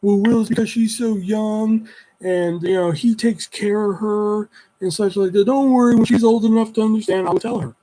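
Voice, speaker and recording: Man doing a placating ex, slow and soothing, slightly raised pitch. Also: steady tone, mellow, natural voice, low-quality recording. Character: calm adult woman, an ex explaining herself.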